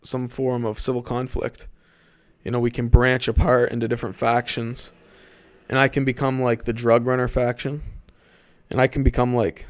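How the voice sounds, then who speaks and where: A man's voice: medium pitch, level tone, moderate pace. A young man from Canada hosting a podcast, rambling and joking casually with plenty of swearing. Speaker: podcast host.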